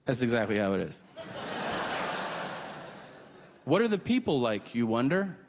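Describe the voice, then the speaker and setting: Animated male comedian in a reverberant hall. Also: mid-range voice, measured pace. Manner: animated, acts out characters in silly voices. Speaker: stand-up comedian. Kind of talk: stand-up comedy set. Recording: long hall reverb with audience noise.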